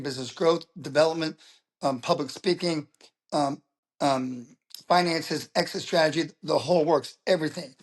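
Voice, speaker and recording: A middle-aged man, a business coach being interviewed, telling stories in an animated way with many stammered restarts. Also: fairly high pitch. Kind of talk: casual interview talk.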